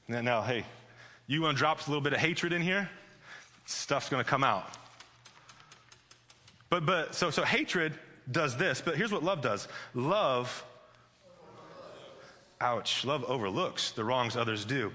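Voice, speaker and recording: At a slow pace with frequent pauses, a pastor delivers his sermon in an expressive, sharp-toned voice of medium pitch. He's conversational and joking, restarting often and saying "like" a lot, and the recording has a long hall reverb.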